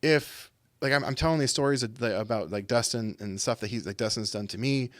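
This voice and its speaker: Man, casual podcast guest, rambling anecdotes, mid-pitched voice, dry close sound. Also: fairly quick, no echo. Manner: rambling storyteller, acts out quoted voices. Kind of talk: casual chat.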